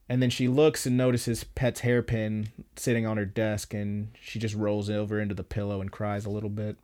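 A man's voice: mid-range voice, darkish tone. A man on a podcast casually retelling an anime episode, loose and profane, with lots of fillers. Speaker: podcast host.

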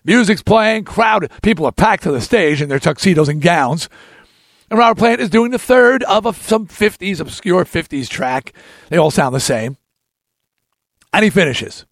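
A man in his sixties hosting a talk show, telling a long story in an animated, ranting way and acting out other people's lines. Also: high voice, no room sound, studio quality. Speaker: podcast host telling a story.

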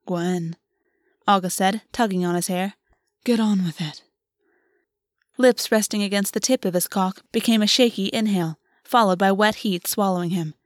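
A woman narrating a novel in an even, measured audiobook reading. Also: medium pitch, dry recording, clean studio sound. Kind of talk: scripted narration.

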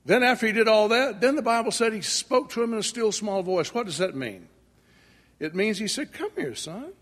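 A male preacher delivers a sermon in a folksy storytelling manner, acting out the dialogue. His voice is high-pitched, brisk, and a bit bright. The echoey hall has a long reverb.

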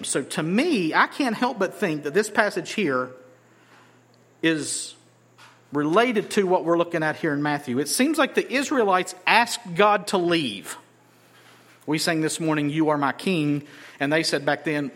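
A man's voice: fairly high pitch, animated, moderate pace, fairly bright tone. A man preaches a sermon in a conversational way. He reads scripture aloud and pushes his voice up emphatically on key points. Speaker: pastor.

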